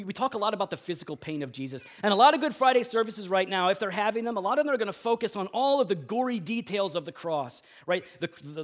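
A man preaching a Good Friday sermon with intense, swinging delivery, casual asides and slang between loud emphatic lines and hushed low ones. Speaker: pastor.

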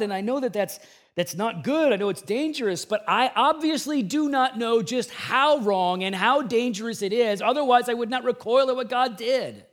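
In this expository sermon, a male pastor alternates between hushed, low-pitched reflection and loud, pressing emphasis, retelling scripture as if in conversation.

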